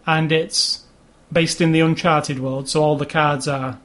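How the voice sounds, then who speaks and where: Guy chatting about video games, kinda higher voice, rambles and restarts a lot. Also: fairly even intonation, unhurried, fairly bright tone. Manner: rambling, with many restarts and fillers. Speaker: podcast co-host.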